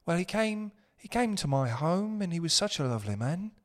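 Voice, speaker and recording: A man's voice: a little high, big pitch swings, normal speed, voice pushed up. A man putting on the voice of a genteel, gushing British woman, with a put-on British accent.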